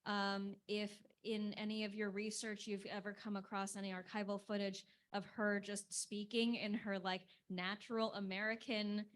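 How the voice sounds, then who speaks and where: A woman's voice: mid-range voice, level tone, normal speed, few pauses. Curious woman asking a panel a question. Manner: curious, hesitant, many fillers. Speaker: audience questioner.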